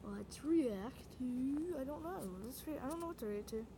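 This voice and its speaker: Bubbly high-voiced woman streamer. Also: lively intonation, moderate pace, background noise. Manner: chatty, apologetic, giggly. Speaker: reaction streamer. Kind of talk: casual live-stream chatter.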